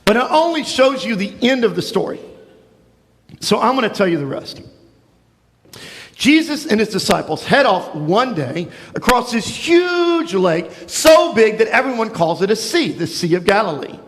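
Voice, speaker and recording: A male pastor giving a sermon, telling a Bible story to children with animated storytelling and acted-out voices. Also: extremely high pitch. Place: church sanctuary. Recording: long church reverb.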